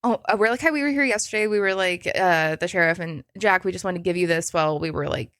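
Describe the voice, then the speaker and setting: A woman's voice: on the low side, quick pace, a bit bright, dry recording, clean studio sound. A woman guest on a podcast, telling stories in casual chat with lots of filler words and frequent laughter.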